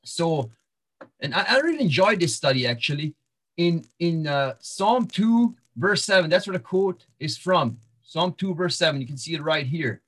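A man's voice: fairly high pitch, fairly bright tone. A man preaching a sermon, walking through Bible verses with many restarts and fillers. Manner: walks through verses, repeats words and restarts, frequent fillers. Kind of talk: sermon-style Bible teaching.

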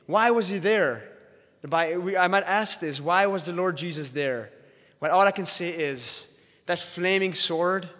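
A man's voice: a little high, pushed and bright, big-room sound. A man preaching an evangelistic sermon, pleading with his listeners and rising and falling in intensity.

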